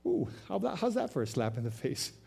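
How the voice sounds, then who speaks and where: Animated man preaching a sermon. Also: a little high, a little fast, creaky, slightly rough. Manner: animated storytelling with restarts, shifting from loud to soft. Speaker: pastor.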